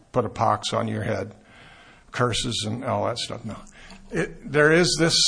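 A man's voice: medium pitch, gravelly, a bit bright, breathy edge. A man teaching a Bible lesson, thinking aloud and correcting himself as he goes.

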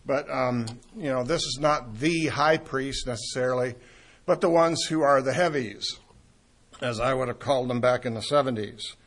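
Husky older man preaching conversationally. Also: mid-range voice, moderate pace, a bit bright. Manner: conversational, asks the audience questions, frequent fillers. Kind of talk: Bible teaching sermon.

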